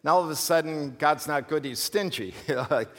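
A male pastor preaching an animated, emphatic sermon with rhetorical questions and humorous asides. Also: on the high side, moderate pace. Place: church sanctuary. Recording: long hall reverb from a church.

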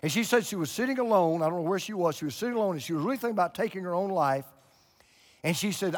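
A pastor in his sixties preaching a sermon to a church, swinging from loud exclamations to hushed low tones. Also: animated, brisk. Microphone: broadcast camera recording. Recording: long hall reverb.

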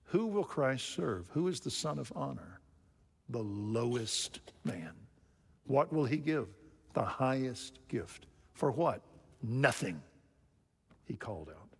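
A man's voice: mid-range voice, slightly rough. A male pastor preaching a sermon, emphatic and full of rhetorical questions put to the congregation. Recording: long reverb of a large hall.

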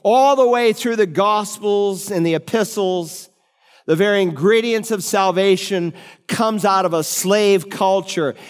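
A middle-aged pastor delivers a sermon from the pulpit, raising his voice on key words and then slowing down for weight. His smooth, resonant voice is a little high for a man, and the sanctuary's long reverb trails every phrase.

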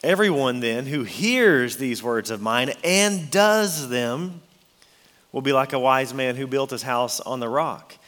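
A man's voice: mid-range voice, animated, unhurried, a bit bright. A man preaching a sermon, earnest and emphatic, reading scripture aloud and explaining it. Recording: long hall reverb.

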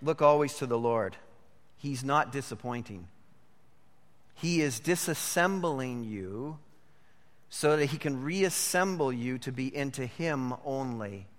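A man's voice: mid-range voice, expressive, slow pace. A man preaching a sermon as a pastor, emphatic and repeating his points for emphasis. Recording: long hall reverb.

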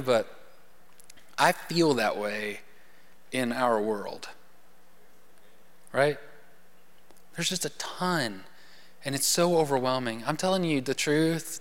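High-voiced preacher man in echoing hall. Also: smooth. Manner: animated storytelling preacher, dramatic shifts to hushed voice. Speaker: pastor. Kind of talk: sermon. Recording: long hall reverb.

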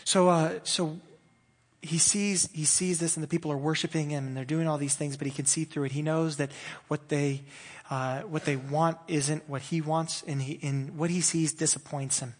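A man with a high voice preaches a sermon, talking conversationally and swinging between fervent bursts and quiet, hushed stretches. His voice rings out in a hall with a long reverb. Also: steady tone, normal speed. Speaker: pastor.

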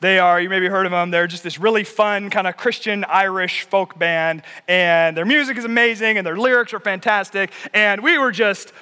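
A man's voice: high voice, moderate pace, hardly any pauses, pushed and bright, clear, resonant tone. A middle-aged man preaching a sermon as pastor, earnest and building to emphatic repetition. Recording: long reverb of a large hall.

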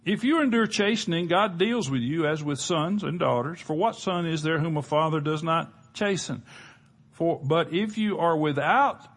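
Husky, plain-spoken male preacher. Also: a little high, animated, moderate pace, a bit bright. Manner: plain-spoken, emphatic, frequent restarts. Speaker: pastor. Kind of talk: sermon.

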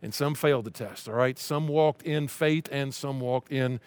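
A man's voice: medium pitch, moderate pace, clean tone, no echo. A man preaching a sermon in a conversational, emphatic way, often repeating his key phrases. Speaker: pastor.

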